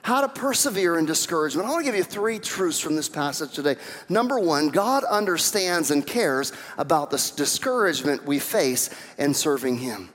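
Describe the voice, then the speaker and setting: A man preaching a sermon as pastor, conversational and animated, asking the congregation rhetorical questions. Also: a little high, normal speed. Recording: reverberant hall.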